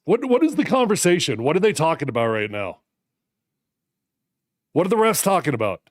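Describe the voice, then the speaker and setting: A man in his thirties hosting a live watch party, reacting to a football game with animated, fired-up commentary. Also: a little high, fairly quick, dry recording, studio quality. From United States.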